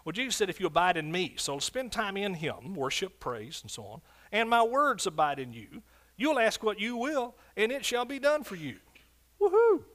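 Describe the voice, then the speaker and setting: A man's voice: sing-song, moderate pace. Fervent preacher man. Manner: fervent, swings from loud shouts to low asides. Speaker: pastor. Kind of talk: sermon.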